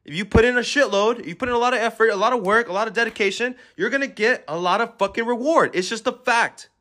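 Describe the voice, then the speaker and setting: A man's voice: very high voice, quick pace, bright, forceful tone. A man hosting a podcast, giving an aggressive, swear-filled motivational rant at the listener. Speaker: podcast host.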